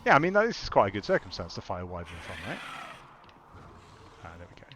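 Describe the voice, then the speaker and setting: A man's voice: fairly low pitch, huge pitch swings, brisk, heavy background noise. A young man casually commenting as he plays a video game, thinking aloud with exasperated asides. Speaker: gamer. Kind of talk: casual let's-play commentary.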